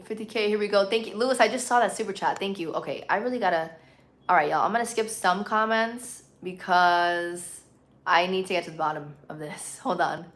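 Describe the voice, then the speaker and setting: A woman's voice: on the low side, steady tone, fairly quick, a bit bright, reverberant. Bilingual woman streamer reading chat. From Puerto Rican and Colombian, living in the US. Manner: puts emphasis on words, bilingual speaker. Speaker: live streamer. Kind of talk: casual live-stream chat reading comments.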